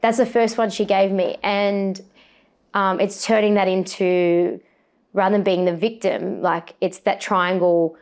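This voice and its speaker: A woman's voice: fairly low pitch, darkish tone. A woman, a sports presenter, chatting as an interview guest with lots of fillers and restarts. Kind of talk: casual interview chat.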